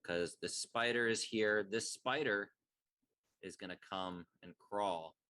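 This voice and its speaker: A man narrating as game master of a tabletop game, relaxed and halting, with many fillers. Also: lowish voice.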